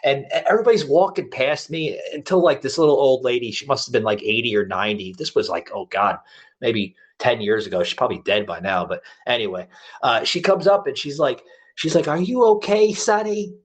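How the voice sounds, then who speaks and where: A male podcast host in a relaxed chat who spins out a long anecdote. He keeps stopping and restarting, padding his talk with fillers. His voice sits at an ordinary middle pitch. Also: brisk. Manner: rambling, animated storyteller with many fillers and restarts. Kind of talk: casual storytelling chat.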